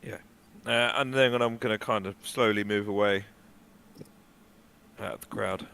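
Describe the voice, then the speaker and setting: A man's voice: on the low side, fairly even intonation, measured pace, gravelly, sharp tone. A man playing a tabletop role-playing game over an online call, playful and mischievous. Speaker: player. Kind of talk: casual tabletop play.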